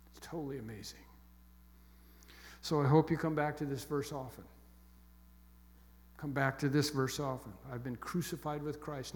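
A man preaching a sermon with emphatic, repeated phrases that fall soft and quiet toward the close. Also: a little high. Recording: long echo of a large hall.

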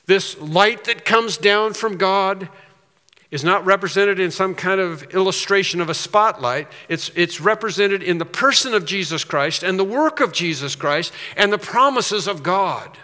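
A man's voice: sits high, expressive, unhurried, bright, forceful tone. A man preaching a sermon as pastor, emphatic, repeating phrases and rising on key points. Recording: reverberant hall.

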